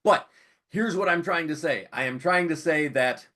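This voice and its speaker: A man's voice: a little high, normal speed, bright, forceful tone. A tired man, a guest on a podcast, explaining his coaching course casually while he fumbles for words and apologizes. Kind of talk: casual interview chat.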